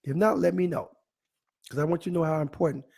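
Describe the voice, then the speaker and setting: A man hosting a live online talk show, playfully reading out viewer comments with animated, teasing asides. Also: fairly high pitch, fast, creaky, husky. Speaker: host.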